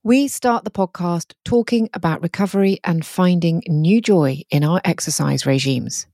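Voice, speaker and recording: A woman's voice: fairly low pitch, moderate pace, dark tone, no room sound, studio quality. A woman co-hosting a podcast, chatting casually and telling stories with frequent laughter. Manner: giggly, chatty storyteller. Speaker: podcast host. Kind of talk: casual chat.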